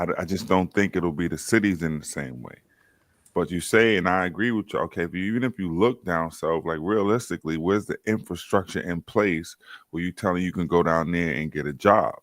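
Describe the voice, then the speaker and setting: A man from Brooklyn with a New York accent, telling animated stories and swearing freely in a casual podcast chat. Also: low voice, a little fast, no room sound, studio quality.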